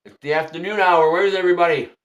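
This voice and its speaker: A man's voice: high voice, fairly even intonation, very fast, muffled recording. A man hosting a tarot livestream in casual chat, repeating himself and greeting viewers by name.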